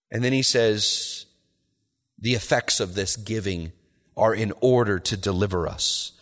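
A man preaching an expository sermon, rising in pitch on key words and slowing down to read quotations. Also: fairly bright tone. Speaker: pastor. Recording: long reverb of a large hall.

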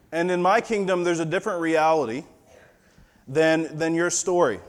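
Man preaching a conversational sermon. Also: fairly high pitch. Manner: conversational storytelling with a reading of scripture. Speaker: pastor.

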